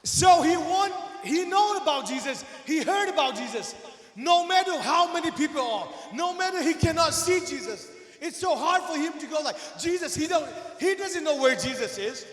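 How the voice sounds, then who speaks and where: A man teaching children a Bible story, animated and often shouting, asking them questions along the way. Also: very high-pitched, moderate pace. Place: church hall. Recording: echoey hall with long reverb.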